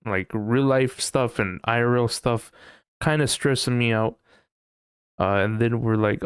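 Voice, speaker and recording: A young man hosts a casual solo podcast, rambling and self-mocking as he talks to his chat, at times slipping into goofy mock voices. He has a mid-range voice with vocal fry, recorded dry with clean studio sound.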